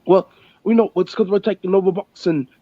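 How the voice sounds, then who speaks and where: An indignant British boxing fan, played by a man in a put-on accent, grumbling that he gets no respect. The voice sits fairly high for a man. The sound is muffled and dead dry. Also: fairly even intonation, a little fast, no echo. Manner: complaining, preachy.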